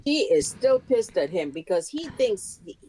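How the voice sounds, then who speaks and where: A woman co-hosting a podcast, reacting and adding quick opinions in casual chat. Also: medium pitch, big pitch swings, dark tone, low-quality recording. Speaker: podcast co-host.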